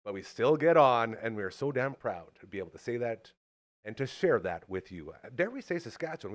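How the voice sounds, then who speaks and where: Breathless, lively man hosting. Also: mid-range voice. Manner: hyped, jokey, self-mocking. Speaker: host. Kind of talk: live show hosting.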